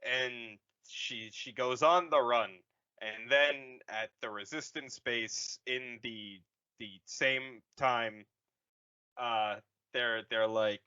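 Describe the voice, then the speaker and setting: A man co-hosting a podcast, casually retelling a movie in a slow, rambling way with crude quoted voices. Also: medium pitch, bright, forceful tone, smooth, highs cut off. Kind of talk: casual comedic chat.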